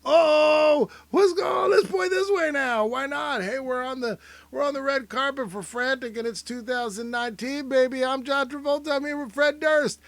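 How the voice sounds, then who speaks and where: A man putting on a goofy, excitable male movie star voice, pitched high and shouting over the top. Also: moderate pace, gravelly, no room sound, heavily acted. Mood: hyped.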